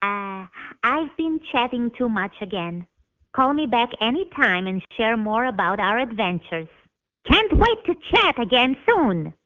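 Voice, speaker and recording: A woman's voice: fairly high pitch, sing-song, a little slow, no echo, muffled recording. A synthetic female voice playing a chatty, grandiose female dachshund with flowery, mock-formal wording.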